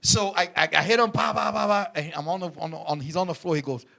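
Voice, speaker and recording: A man hosting a talk show, telling animated stories in casual chat, swearing freely and acting out quotes. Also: fairly high pitch, fast, vocal fry. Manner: animated storytelling with lots of swearing and acted-out quotes.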